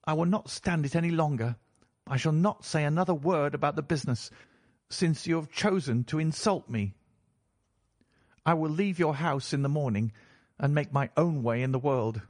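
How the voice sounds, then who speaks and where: A man's voice: fairly high pitch, moderate pace, no echo, studio quality, lightly acted. A man reading an audiobook, voicing a proud young man accused of theft, speaking with indignant defiance.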